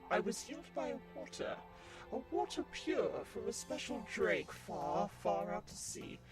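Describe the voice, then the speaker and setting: An actress voicing a proud lizard-like female survivor of a curse in a game, telling her tale in solemn, measured lines. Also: medium pitch, big pitch swings. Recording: game audio over clear music.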